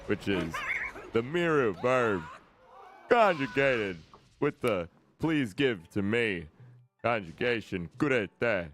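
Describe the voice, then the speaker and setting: A man's voice: mid-range voice, expressive, takes it slowly, long pauses, a bit bright, slight background noise. A man patiently explaining a language point in casual chat, with restarts.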